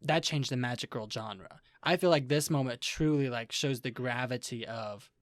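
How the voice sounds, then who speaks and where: A young adult co-host talks through an anime in loose, casual chat, packed with fillers and playful quoted voices. The pitch sits in the middle, and the mic is close and dry with no room sound. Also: normal speed, no room sound. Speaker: podcast co-host.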